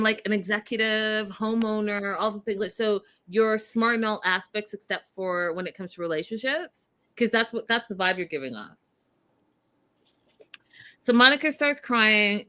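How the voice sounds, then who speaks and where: A woman hosting a casual recap of a reality show, animated and talking straight to her viewers. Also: mid-range voice. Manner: animated, addresses viewers directly. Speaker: show host.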